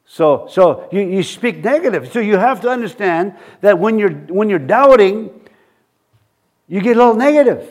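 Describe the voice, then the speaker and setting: Man preaching, high voice, stumbling restarts, acts out quotes. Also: lively intonation. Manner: halting, repeats words, acts out quotes. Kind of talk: sermon.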